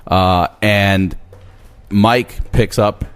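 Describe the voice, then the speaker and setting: A man in his thirties telling a long story on a podcast, animated and swearing freely. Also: fairly low pitch, extremely slow, smooth, soft background music. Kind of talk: casual storytelling chat.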